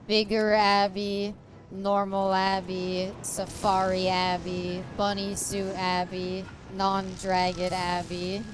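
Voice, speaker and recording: A woman's voice: medium pitch, monotone, slow pace, noisy background. Giggly rambling woman streamer. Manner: giggly, rambling, crude jokes. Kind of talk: casual gameplay chat.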